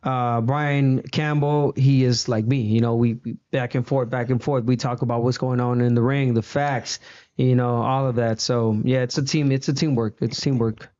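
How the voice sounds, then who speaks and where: A man in his thirties with a Mexican accent, an animated storyteller who acts out quoted voices in a casual podcast chat. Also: mid-range voice, normal speed, dull audio. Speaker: podcast guest, boxing commentator.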